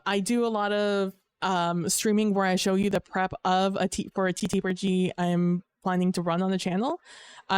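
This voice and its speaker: Chatty young woman streamer, smooth voice. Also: mid-range voice, no room sound. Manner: rambling, upbeat, full of fillers and restarts. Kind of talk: casual live-stream chat.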